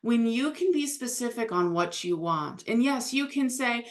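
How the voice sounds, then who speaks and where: A woman's voice: a little high, lively intonation, normal speed, few pauses. A woman giving channeled spiritual advice, explaining patiently and acting out imagined speakers.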